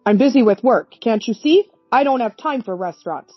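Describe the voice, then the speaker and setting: A woman's voice: a little high, big pitch swings, a little fast, breathy edge, no room sound, faint music behind. A woman voicing a scornful, domineering middle-aged husband in a storybook-style reading, with a sneering, irritable manner. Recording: dull lo-fi recording.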